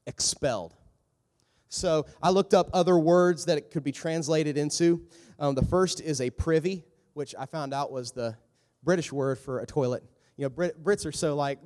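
A man preaching a sermon in an animated, casual way, breaking into jokes and quick impressions of the people in the passages he reads. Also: on the high side. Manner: animated, joking asides with quick voiced impressions. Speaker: pastor. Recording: echoey hall with long reverb.

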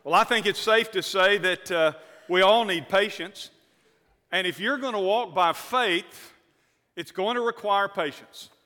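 A man's voice: high-pitched, a little slow, pushed and bright. A man preaching a sermon as pastor, telling a story to his congregation and reading scripture aloud. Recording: church hall reverb.

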